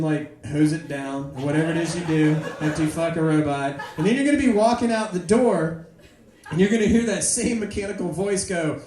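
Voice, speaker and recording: A woman doing a rambling, profane stand-up comedy set, breaking into loud shouted bits. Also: lowish voice, background noise. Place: comedy club with audience. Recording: echoey club room with crowd.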